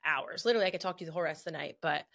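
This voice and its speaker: A woman's voice: low voice, very fast, a bit bright. A woman hosting a podcast, chatting in a gushing, rambling way. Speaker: podcast host. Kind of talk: casual podcast chat.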